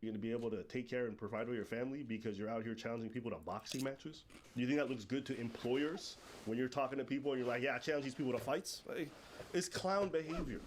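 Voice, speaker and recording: Fast-talking challenging male host. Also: medium pitch, slight background noise. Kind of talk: casual podcast discussion.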